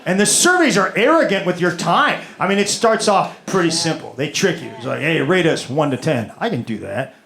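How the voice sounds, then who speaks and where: A man's voice: high-pitched, big pitch swings, a little fast, vocal fry, fairly bright tone. A man doing a stand-up comedy set, rambling and exasperated, repeating his words as he rants. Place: comedy stage with live audience. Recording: roomy club with audience noise.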